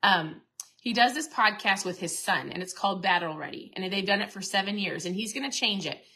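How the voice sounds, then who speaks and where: A woman host in middle age talks in a casual, earnest, motivational way. Her voice is bright and forward at a middle pitch. She restarts her sentences and circles back as she goes. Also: fairly quick. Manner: chatty, earnest, restarts and repeats herself. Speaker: podcast host and keto coach.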